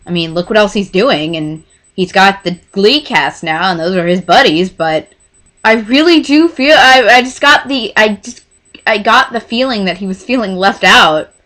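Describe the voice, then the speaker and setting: A woman in her twenties telling a rambling, excitable storytime to camera in casual chat. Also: mid-range voice. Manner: rambling, excitable, gushing fan. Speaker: vlogger.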